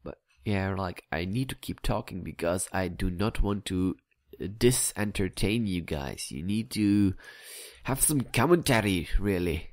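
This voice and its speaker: Low-voiced man rambling over gameplay. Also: animated, a little slow, a little mellow, no room sound, clean studio sound. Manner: rambling, chatty, mutters at himself with filler words; plays with a vague put-on accent. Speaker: Minecraft builder commenting on his build. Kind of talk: casual gameplay building commentary.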